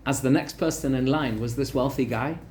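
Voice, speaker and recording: A man, a rabbi, telling a story in a lively Torah lesson, repeating words for emphasis. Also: mid-range voice, a little fast, a little hiss or hum. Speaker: rabbi teaching a weekly class.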